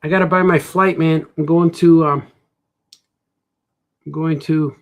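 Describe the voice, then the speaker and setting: A man's voice: a little high, steady tone, unhurried, a little hiss or hum. A man cartoonist thinking aloud in a casual drawing vlog, rambling and muttering to himself as he works. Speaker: cartoonist and comic shop host.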